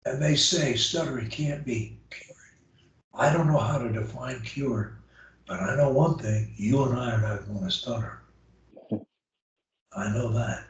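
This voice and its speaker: Man, speech coach, slow emphatic delivery, video call, very echoey distant sound. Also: medium pitch, dull audio. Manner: emphatic and encouraging, repeats for emphasis. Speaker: stuttering coach. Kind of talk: one-on-one coaching session. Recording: very echoey room, heard from a distance.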